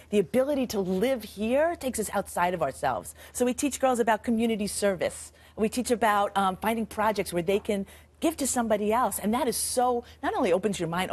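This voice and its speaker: Animated woman guest, full of restarts. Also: mid-range voice. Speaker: author and guest. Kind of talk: morning TV interview.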